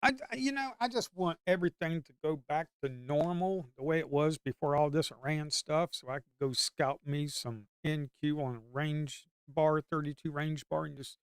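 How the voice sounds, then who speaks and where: He speaks in a fairly high, smooth voice at a moderate pace, barely pausing, captured in a dry, studio-quality recording. The man is a livestream day trader giving relaxed live commentary, addressing the screen, coaxing the market and sometimes cursing to himself.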